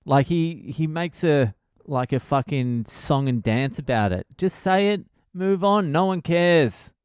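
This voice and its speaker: Crude Australian comic host, swears constantly, clear resonant voice, dry close sound. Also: male voice, a little high, animated, a little slow, darkish tone, no room sound. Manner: laughs at his own jokes. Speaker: podcast host, comedian. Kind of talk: casual comedic monologue.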